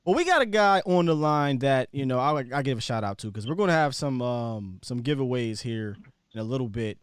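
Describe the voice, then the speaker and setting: A male podcast host on a casual live stream, talking in a laid-back, slangy way with quick shout-outs. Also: mid-range voice, expressive, clear, resonant tone, dry recording, studio quality.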